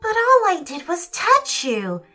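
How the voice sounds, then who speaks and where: A woman voicing an excitable young girl who squeals and giggles. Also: high-pitched, moderate pace, faint music behind, pitched above the performer's own voice, full character voice. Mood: worried.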